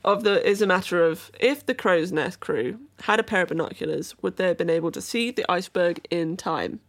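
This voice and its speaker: A woman's voice: fairly low pitch, fairly quick. A young woman co-hosting a comedy podcast, presenting the facts in casual chat, teasing and giggly with the odd swear word.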